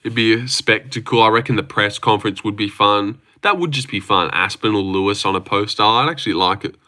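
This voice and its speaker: Bright-voiced livestreamer. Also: male voice, fairly low pitch, fairly quick. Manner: rambling, swears freely, reads chat aloud. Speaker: livestream host. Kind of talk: casual livestream chat.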